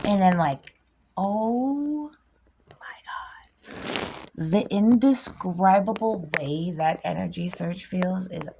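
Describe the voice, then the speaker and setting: A woman giving a blunt, impassioned motivational rant as a spiritual vlogger, swinging from loud bursts to soft whispers. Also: medium pitch, noisy background.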